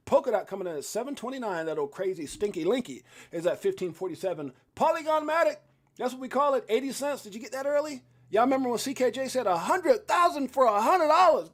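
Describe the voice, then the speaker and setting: A man hosts a casual crypto live stream in a notably high-pitched voice. He rambles from one thought to the next, laughs easily and jumps into loud excited outbursts. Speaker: crypto livestream host. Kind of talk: casual live-stream chat and market rundown.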